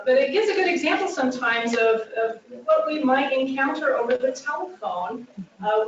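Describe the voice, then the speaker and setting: A woman giving a phone-skills training presentation in an earnest way, with frequent "uh" and "um" fillers. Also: a little high. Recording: echoey room from far off, dull and faintly noisy.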